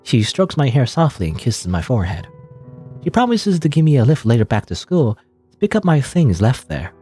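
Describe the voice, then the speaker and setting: A man's voice: medium pitch, big pitch swings, normal speed, warm tone, faint music behind. A man reading a story game aloud dramatically, with joking asides and laughs at his own slips. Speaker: let's play host.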